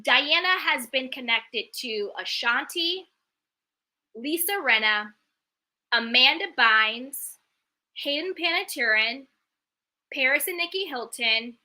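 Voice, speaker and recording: A woman's voice: high-pitched, lively intonation, slow pace, pauses often, pushed and bright. A woman hosting a casual live stream at home, reading viewer comments aloud and reacting with emphatic repeats. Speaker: host reading live chat. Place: indoors at home.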